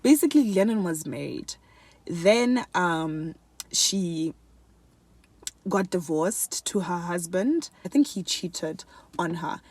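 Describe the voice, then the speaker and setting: A young woman chatting casually to camera in a favourites vlog, animated and laughing often, switching between English and another language mid-sentence. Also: lowish voice, slow, dry recording. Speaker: beauty and lifestyle vlogger. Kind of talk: casual chat.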